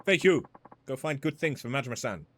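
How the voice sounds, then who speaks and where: A man voicing a brisk, bossy woman shopkeeper in a video game, speaking clipped, broken English in a put-on Chinese accent. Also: medium pitch, lively intonation, a little hiss or hum, natural voice. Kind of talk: reading game dialogue aloud.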